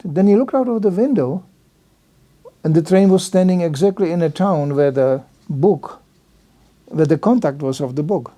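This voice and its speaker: A man's voice: a little high, moderate pace, warm tone. An older man giving an informal religious talk at a temple, telling anecdotes with slightly non-native phrasing and acting out other people's lines in changed voices. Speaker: visiting lecturer at a temple.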